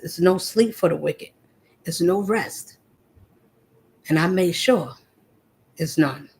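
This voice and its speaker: A woman's voice: on the low side, husky, low-quality recording. A woman, delivering an impassioned, confrontational spiritual monologue to an unseen listener. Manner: confrontational, preachy, addressing an unnamed listener directly. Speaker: spiritual vlogger.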